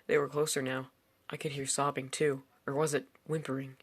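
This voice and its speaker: A man's voice: medium pitch, little pitch movement, brisk. A man reading a first-person horror story aloud in a tense storytelling manner. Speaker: narrator. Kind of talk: scripted horror story narration.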